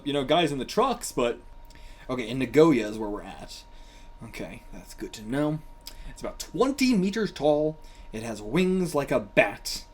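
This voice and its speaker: An excitable man talks through a manga in a loose, casual reaction. He swears freely, laughs often and has a mid-range voice. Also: mid-range voice.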